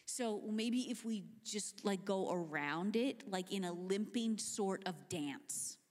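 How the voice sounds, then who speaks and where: A woman preaching a sermon, retelling a story in an animated, conversational way that drops into hushed tones. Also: mid-range voice, slow. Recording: long hall reverb.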